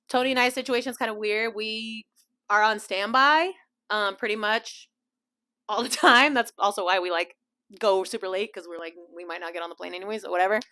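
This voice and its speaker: A young woman hosting her own podcast, chatting casually about a trip, animated and laughing, acting out other people's lines. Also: mid-range voice. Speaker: podcast host. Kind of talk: casual storytelling chat.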